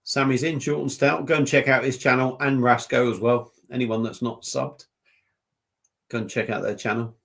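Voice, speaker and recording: A man's voice: medium pitch, steady tone, normal speed, vocal fry, a bit bright. A man from southern England hosting a casual beer-review live stream, rambling and joking with frequent laughs. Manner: rambling, jokey, laughs often. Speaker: beer review channel host.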